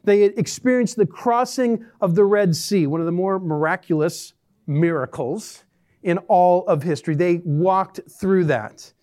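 A man's voice: high voice, unhurried, a little mellow. A man preaching a sermon as a pastor in a church, conversational and dryly sarcastic. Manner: conversational, dry sarcastic humor.

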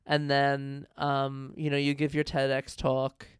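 A woman's voice: a bass voice, completely flat delivery, slow, smooth, no room sound, clean studio sound. A woman in casual chat, riffing and giggling, trailing off with frequent ums.

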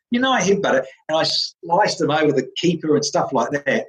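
A man with a New Zealand accent, spinning lively cricket yarns as a guest, his voice sitting somewhat high. He laughs a lot and bursts into the voices of the people in his stories. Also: fairly quick, few pauses, poor audio. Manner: lively, laughs often, acts out quoted voices. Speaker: interview guest, former cricketer. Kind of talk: animated storytelling.

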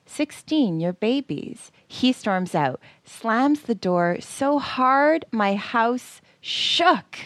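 A woman's voice: on the high side, very slow, hardly any pauses, no echo. A woman in her forties co-hosting a podcast, telling a personal story casually and acting out quotes with lots of fillers. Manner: animated, acts out quotes, frequent fillers. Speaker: podcast co-host.

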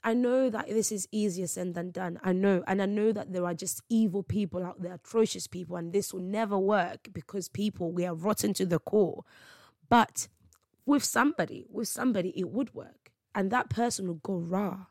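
A woman's voice: medium pitch, normal speed, a little mellow, no echo. A woman delivering an emphatic, slangy faith monologue on her podcast. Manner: emphatic, preachy, slangy storytelling. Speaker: podcast host.

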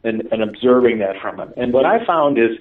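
Male guest, lively storyteller, wide pitch swings, distant tinny audio. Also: brisk. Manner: animated, laughing, many fillers and restarts. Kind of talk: casual storytelling in conversation.

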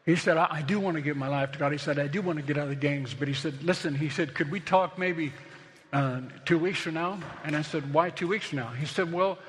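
A man's voice: fairly high pitch, brisk, long reverb tail, a little hiss or hum. A middle-aged man, a pastor, preaching a sermon in a conversational, storytelling way that builds to emphatic points.

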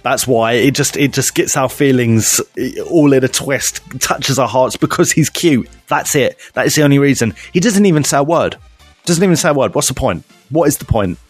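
A man on a casual podcast, ranting in mock outrage at a quick clip. He stumbles into repeated words as he goes, and his pitch sits in the ordinary middle range for a man. The recording is dry and close, with faint music underneath. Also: expressive, no echo. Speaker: podcast co-host. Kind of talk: casual chat, mock rants.

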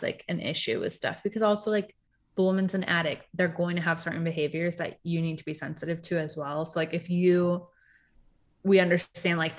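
A woman with a slightly low voice chatting casually about a reality show. She is frank and animated, and swears freely. She is from Puerto Rico.

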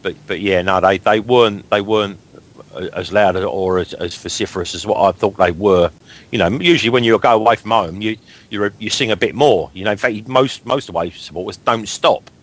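A man's voice: fairly low pitch, a little fast. A man hosting a football fan talk show, blunt and sweary, getting worked up about his club. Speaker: radio show host. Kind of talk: casual fan chat.

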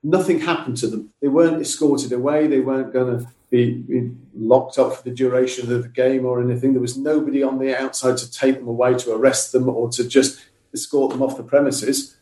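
A middle-aged man, a guest on a podcast, telling a story in steady, careful detail. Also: mid-range voice, fairly quick, roomy sound. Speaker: guest, father of a wheelchair user. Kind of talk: podcast interview, recounting events.

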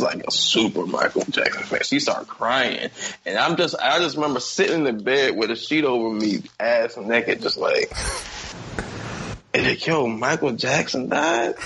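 A man's voice: medium pitch, fairly bright tone, slight background noise, low-quality recording. A man chatting casually on a podcast, telling a story in a slangy, profane way and laughing as he goes. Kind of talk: casual chat.

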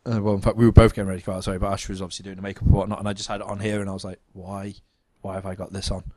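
A young man talks films in a loose, animated way, swearing and restarting his sentences. His voice sits a touch low, and the recording is dry and close. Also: rapid-fire, no echo. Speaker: podcast co-host. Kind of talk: casual film chat.

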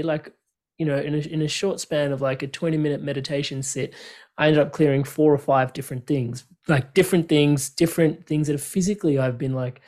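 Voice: medium pitch, darkish tone. A podcast host chatting in an enthusiastic, rambling way and laughing often. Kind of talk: casual chat.

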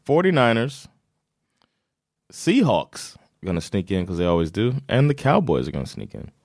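Animated low-voiced man, casual sports chat. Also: vocal fry, dry recording, studio quality. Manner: animated, profane, quick to joke. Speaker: podcast co-host.

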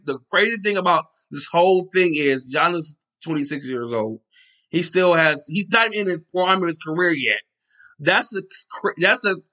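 A man on a sports podcast talks with open passion, piling on repeats and the odd curse word. His voice sits a bit high and comes across bright and forceful. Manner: passionate, emphatic, swears and repeats himself. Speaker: podcast host. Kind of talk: excited sports talk.

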